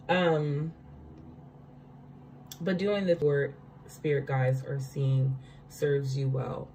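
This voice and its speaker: Low-voiced woman giving a chatty card reading. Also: flat delivery, extremely slow, long pauses, mellow, a little hiss or hum, rough recording. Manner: chatty, laughs often, checks in with "right?". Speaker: spiritual card reader. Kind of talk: casual spiritual card reading.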